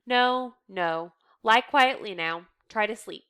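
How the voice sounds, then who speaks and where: A woman reading as a calm, kind father. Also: mid-range voice, takes it slowly, clear, resonant tone.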